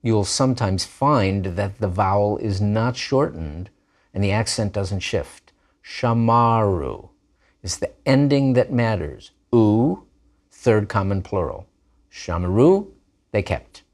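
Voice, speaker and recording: A man's voice: lowish voice, expressive, a little slow, darkish tone. A man teaching a recorded grammar lesson, drilling forms patiently with repeated examples. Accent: Israeli Hebrew pronunciation of Hebrew words. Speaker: language teacher.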